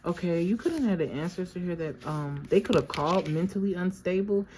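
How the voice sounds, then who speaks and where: A woman with a low voice gives a casual tarot reading, speaking straight to her viewers. Her talk is chatty and full of slang. A faint noise sits under the recording. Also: a little fast, darkish tone. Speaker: tarot reader.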